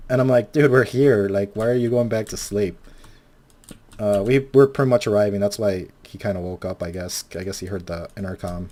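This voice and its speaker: A man's voice: on the low side, darkish tone. A young man in his twenties telling a rambling, profane story while playing a game, often acting out what people said. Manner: rambling, swears a lot, acts out quotes. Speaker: Minecraft video maker.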